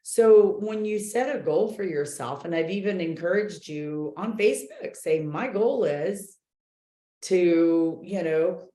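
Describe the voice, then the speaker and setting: Chatty low-voiced woman coach, echoey room. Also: slow pace. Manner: animated, chatty, many fillers. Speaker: real estate coach leading a book club. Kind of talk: casual group talk, reading and commenting.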